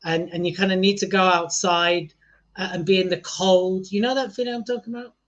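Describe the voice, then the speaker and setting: A man co-hosting a podcast, joking and energetic and laughing often. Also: high voice, a little fast, dull audio. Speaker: podcast co-host. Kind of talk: casual chat.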